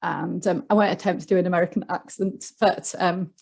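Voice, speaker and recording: A woman's voice: on the low side, flat delivery, a little fast, creaky, darkish tone. A woman with a Yorkshire accent, speaking as a guest on a leadership panel, explaining ideas earnestly with frequent ums and small restarts. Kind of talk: online panel talk.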